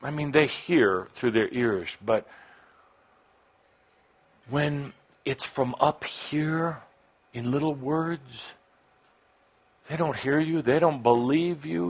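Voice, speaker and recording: A man giving a channeled spiritual talk to a live audience, speaking in short broken phrases that swing from soft musing to emphatic, passionate urging. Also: fairly high pitch, takes it slowly, pauses often.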